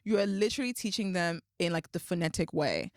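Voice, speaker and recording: A woman's voice: fairly low pitch, lively intonation, brisk, no echo, clean studio sound. A woman hosting a podcast, talking in an earnest, rambling way with lots of "like" fillers in casual interview chat. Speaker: podcast host.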